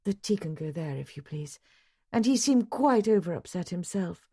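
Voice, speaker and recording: A woman narrator gives voice to a composed society lady who soothes a weeping friend with gentle, refined phrasing. The voice stays low and even. It is an audiobook reading. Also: moderate pace, husky, no echo, clean studio sound. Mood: soothing.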